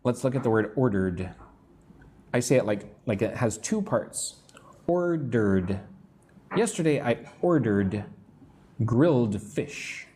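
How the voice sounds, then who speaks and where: A middle-aged American man teaching English on a live stream, answering chat comments and slowly modelling phrases for listeners to repeat. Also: mid-range voice, a little mellow, a little hiss or hum. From United States. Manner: slow, careful modelling of phrases for repetition. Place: room in Vietnam.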